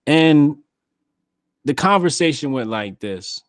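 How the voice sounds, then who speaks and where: A man's voice: a little high, animated, slow, no echo. Blunt Jersey-accented man, dry close sound. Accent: New Jersey. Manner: blunt, profane, storytelling with acted quotes. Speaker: podcast host. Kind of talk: casual chat.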